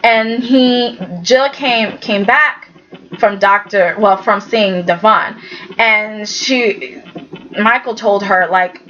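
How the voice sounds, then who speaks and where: Slow, chatty woman reviewing a soap, lo-fi. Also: medium pitch, bright, forceful tone. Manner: chatty, exasperated, acts out characters' lines. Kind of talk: casual recap vlog.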